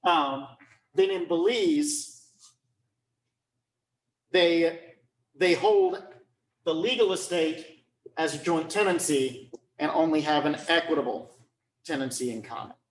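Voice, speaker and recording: A male law lecturer talks slowly and deliberately, in a slightly higher register than most men. He keeps pausing to ask if the point landed and repeats himself to drive it home. The sound is roomy and echoey. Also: sing-song, gravelly. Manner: checks understanding often, repeats phrases.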